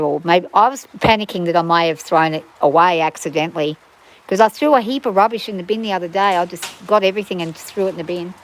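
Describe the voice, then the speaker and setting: On a rainy farm outdoors, a middle-aged woman with an Australian bush accent chats and rambles to her livestream viewers. Her voice is fairly low and she talks fast, though the recording quality is low.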